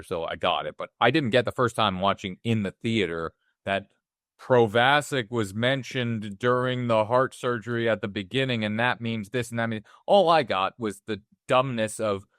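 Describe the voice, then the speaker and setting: A man's voice: fairly low pitch, no room sound, clean studio sound. A man in his forties co-hosting a casual movie podcast, talking animatedly and acting out scenes from a film. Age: 40s. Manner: animated, acts out movie scenes in quick voices. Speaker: podcast co-host.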